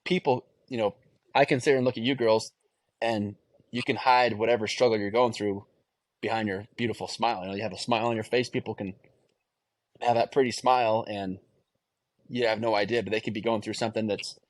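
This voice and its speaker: A man's voice: lowish voice, fairly even intonation, brisk, no room sound. Man, thirties, interview guest, candid, reflective, stumbles and restarts, dry close sound. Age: 30s. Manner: earnest, reflective, restarts phrases often.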